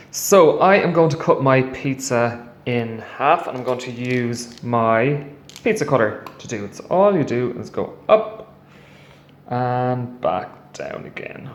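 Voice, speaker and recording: A man, a primary school teacher giving a cooking lesson to children and asking them questions in a slow, clear, encouraging way. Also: mid-range voice. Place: home kitchen. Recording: very echoey room, faint background noise.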